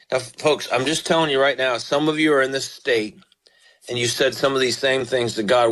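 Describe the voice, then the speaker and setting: A middle-aged man preaching on a radio broadcast, with a mid-pitched voice. He talks earnestly and pastorally, straight to his listeners. He reads scripture slowly and prays fervently. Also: fairly even intonation, fairly bright tone, poor audio. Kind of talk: broadcast sermon with scripture reading and prayer.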